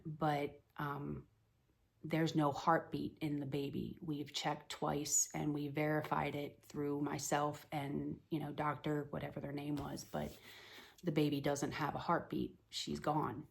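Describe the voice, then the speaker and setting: A woman's voice: low voice, level tone, measured pace, creaky. A woman telling a personal story to the camera in a plain, conversational way, full of "you know"s. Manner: plain, matter-of-fact retelling. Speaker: mother telling of a pregnancy loss.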